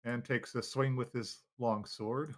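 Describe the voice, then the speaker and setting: Bright-toned man running a tabletop game. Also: medium pitch, fairly even intonation, measured pace. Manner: easygoing, many fillers. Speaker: game master. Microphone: video call.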